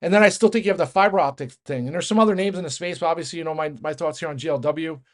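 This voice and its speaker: A man giving a fast, rambling casual market rant as host, with many restarts and fillers. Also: on the high side. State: out of breath. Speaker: market commentator.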